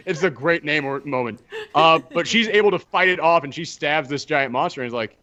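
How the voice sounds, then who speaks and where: A lively man talks comics on a podcast, slipping into quick character voices as he goes. His voice sits fairly high. The sound is a bit dull and lo-fi. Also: slight background noise. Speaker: podcast co-host reviewing comics. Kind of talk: casual chat.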